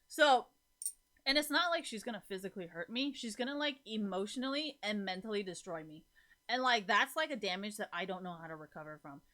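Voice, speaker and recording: A young woman with a bright, forward voice talks straight to her stream audience in loose, rambling casual chat. She swears constantly and keeps slipping into laughter between her points. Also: medium pitch, animated, a little fast.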